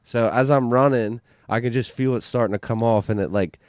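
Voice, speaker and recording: A man telling a hunting story on a podcast, excited and rambling, restarting sentences and swearing casually. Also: medium pitch, a little fast, no room sound, clean studio sound. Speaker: podcast guest, bowhunter.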